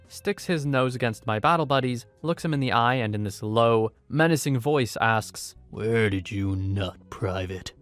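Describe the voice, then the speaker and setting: A man's voice: mid-range voice, dry recording. Man narrating reddit military stories. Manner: quick acted shouts for quoted drill sergeants. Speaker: story narrator. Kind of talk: reading reddit stories aloud.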